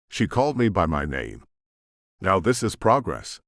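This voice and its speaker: A man narrating a first-person romance audiobook in a relaxed, conversational way, close to the mic. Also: deep voice, measured pace, creaky, no room sound.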